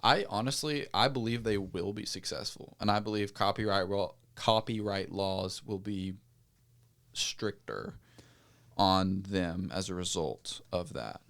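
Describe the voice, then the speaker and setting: A man's voice: sits low, unhurried, creaky, a bit bright. A man hosting a podcast, chatting casually and reacting with slang like dude. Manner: casual, chatty, uses words like dude and creepy. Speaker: podcast host. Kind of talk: casual chat.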